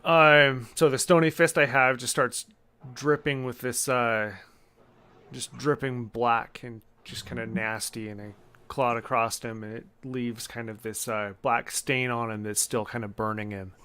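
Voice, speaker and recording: Man, tabletop game player, slow deliberate delivery, smooth voice. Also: medium pitch, fairly even intonation, bright, forceful tone.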